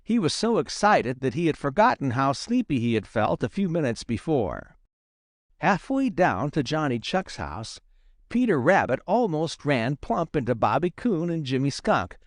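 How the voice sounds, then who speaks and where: Male audiobook narrator for a kids' story, animated delivery, dry close sound. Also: medium pitch, normal speed, dry recording. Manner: lively, expressive reading.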